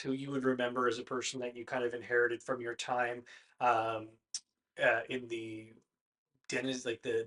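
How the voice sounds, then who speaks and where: A man running a tabletop role-playing game as game master, with a bright, forward voice at a middle pitch. He narrates in a loose, searching way, full of little pauses and fillers. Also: low-quality recording.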